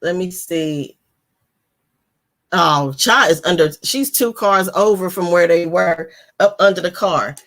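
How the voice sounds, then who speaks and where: A woman's voice: on the low side, measured pace, fairly bright tone. Woman host, leisurely, laughing, slangy live book chat.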